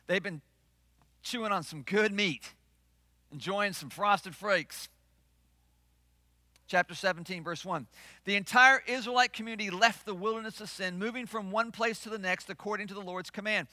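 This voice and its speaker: A male pastor preaching a sermon, swinging from loud declarations to hushed asides and playing out the voices he quotes. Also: high-pitched, normal speed, no room sound.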